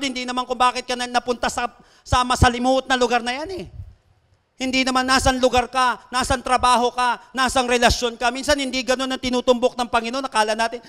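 A man with a Filipino accent preaching a sermon, reading scripture slowly and emphatically between quick conversational asides. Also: very high-pitched, fairly even intonation, bright, forceful tone, clean tone. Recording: long hall reverb.

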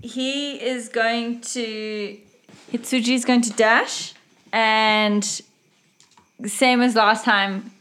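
Teasing higher-voiced woman player. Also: fairly even intonation, drawn-out words, a bit bright. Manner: teasing, wry, laughs at others' moves. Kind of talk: playing a tabletop role-playing game.

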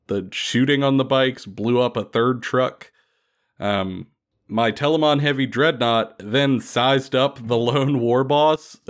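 A man hosting a casual gaming podcast, telling stories playfully with many fillers. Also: mid-range voice. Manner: animated, playful storytelling with lots of fillers. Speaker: podcast host. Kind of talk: casual tabletop gaming chat.

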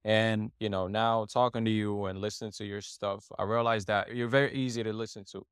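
A man's voice: fairly low pitch, fairly even intonation, a little fast, clear, resonant tone, dry recording, studio quality. A man hosting a podcast interview, asking curious, open questions and laughing easily. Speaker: podcast host.

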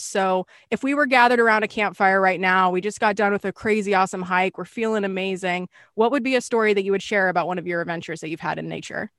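Woman host, mid pitch, bubbly, laughs a lot, dry close sound. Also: fairly bright tone, no echo. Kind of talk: casual interview chat. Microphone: video call.

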